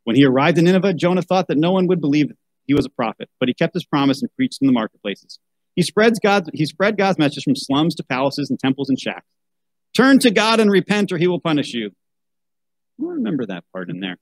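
A man's voice: fairly high pitch, very animated, fast talker, no echo, low-quality recording. A man reading a children's Bible story aloud, breaking off for wry asides and a rant about how such books should be chosen. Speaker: podcast host.

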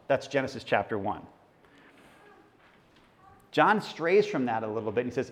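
A man's voice: on the high side, very animated, a little fast. A male pastor preaching a sermon in a church, teaching through scripture in a conversational way and asking the congregation questions.

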